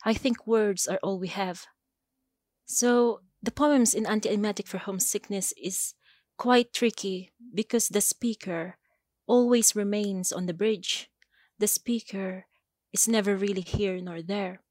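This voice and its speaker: A woman poet from the Philippines, reading her poems aloud and then answering interview questions in a slow, measured way. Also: mid-range voice, a little mellow, no room sound, clean studio sound. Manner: slow, measured, deliberate delivery.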